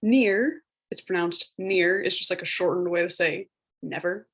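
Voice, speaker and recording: This is a young female teacher's recorded lesson, delivered flat and a little fast in a lowish, gravelly, husky voice with a slightly bright tone. She keeps it chatty, leaning on fillers and slipping into silly voices for old-fashioned phrases, though the audio quality is poor.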